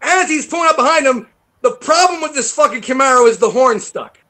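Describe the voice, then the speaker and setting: A man's voice: very high voice, animated, fairly quick, pushed and bright. A man, a guitarist guest in a casual interview, rambling, swearing and laughing as he tells stories. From New York. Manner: swearing, rambling storyteller who laughs often.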